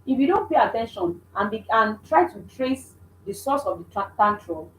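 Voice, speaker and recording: A woman's voice: a little high, lively intonation, normal speed, slight background noise. A mother giving an instructive talk on parenting, earnest and repeating her points with many restarts. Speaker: parenting coach. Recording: echoey room.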